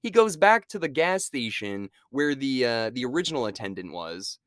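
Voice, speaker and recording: A man's voice: medium pitch, normal speed, no echo, clean studio sound. A young man co-hosting a podcast, talking through a movie in casual chat, swearing and laughing as he goes. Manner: animated, swears and laughs often. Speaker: podcast co-host.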